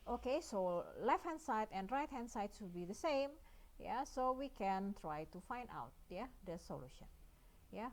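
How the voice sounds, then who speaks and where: A woman's voice: mid-range voice, very animated, normal speed. A woman with an Indonesian accent giving a recorded math lecture, working through each step and often checking in with "yeah" and "right?".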